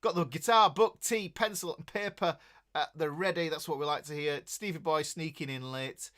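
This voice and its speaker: On his easygoing guitar livestream, a middle-aged Yorkshireman speaks with a slightly high, mildly bright voice at a moderate pace. He's jokey and rambling, greeting people in the chat by name.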